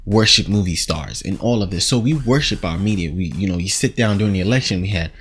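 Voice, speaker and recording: A man giving a casual, animated TV episode recap, rambling and acting out quotes as he goes. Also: low-pitched, fast, slightly rough. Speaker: show reviewer.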